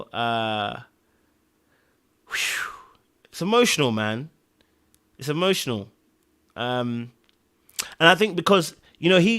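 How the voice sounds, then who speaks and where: A man hosting a podcast, giving emotional, animated commentary on a TV episode, sighing and swinging between loud bursts and quiet murmurs. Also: fairly high pitch. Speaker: podcast host reviewing a TV episode.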